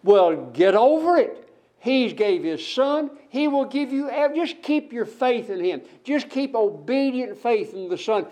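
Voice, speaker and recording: High-voiced man preaching a sermon. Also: animated, measured pace, hardly any pauses, darkish tone. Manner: emphatic, repetitive rhetorical build-ups with questions to the congregation.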